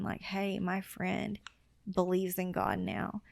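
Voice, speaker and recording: A woman with a mid-range voice and a gravelly edge of vocal fry tells her own story as a podcast guest. She speaks earnestly and slips into quoted conversations as she goes. The sound is close and dry, with no room echo. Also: medium pitch, slow pace. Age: adult with children. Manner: earnest, quotes people in lively retellings. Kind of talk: personal testimony storytelling.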